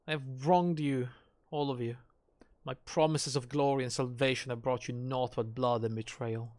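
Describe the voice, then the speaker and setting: A man's voice: medium pitch, fairly even intonation, normal speed, a little mellow, dry recording, natural voice. A man reading as a formal, earnest young noble commander. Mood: remorseful. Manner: formal, old-fashioned speech read aloud. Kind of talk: reading game dialogue aloud on a live stream.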